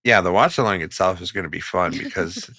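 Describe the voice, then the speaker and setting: A man's voice: deep voice, expressive, fairly quick, pushed and bright, slightly rough, no room sound, clean studio sound. A young man co-hosting a podcast in casual chat, swearing freely and laughing often. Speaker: podcast co-host.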